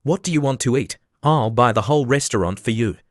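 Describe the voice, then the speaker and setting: A man's voice: mid-range voice, animated, fairly quick, no room sound, studio quality, lightly acted. A man doing a boastful rich young bully. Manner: boastful, insulting.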